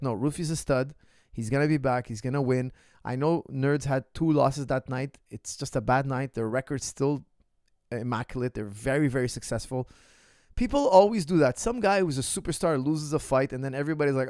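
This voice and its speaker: A man, a martial arts coach, chatting casually in a Q&A and telling stories in an animated way, acting out the people he quotes, often repeating words and restarting phrases. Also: mid-range voice, fairly quick, no room sound, studio quality. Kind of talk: casual livestream Q&A chat.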